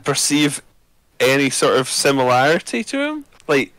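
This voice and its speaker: A man's voice: mid-range voice, sing-song, moderate pace, a bit bright, no echo. A man playing a tabletop role-playing game, chatting casually, playful, swearing and laughing. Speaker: player.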